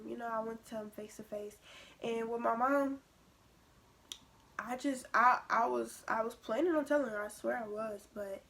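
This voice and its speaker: A young woman vlogger telling a personal story in a casual, animated way, acting out what others said. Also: on the high side. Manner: animated retelling, acting out quoted lines.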